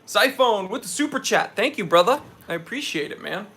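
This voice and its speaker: Young man, live stream host, bright high voice, energetic, reads chat aloud, sweaty after a hike. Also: brisk.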